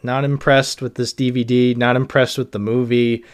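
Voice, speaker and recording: A man in a mid-pitched voice hosts his own solo podcast. He rambles loosely, full of "like" and "um", with a dry, sardonic edge. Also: flat delivery, normal speed, clean tone. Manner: rambling, sardonic, lots of fillers. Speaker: podcast host. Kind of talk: casual solo podcast talk.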